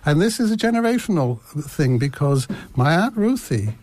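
A man's voice: a little high, big pitch swings, normal speed, darkish tone. A man hosting a community radio show, chatting casually and rambling a little, often repeating words and laughing at himself. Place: small radio studio.

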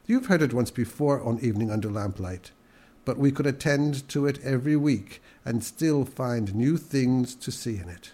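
A man's voice: medium pitch, moderate pace, mellow. A man hosting a story program, reflectively introducing and commenting on a fable. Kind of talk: scripted radio introduction.

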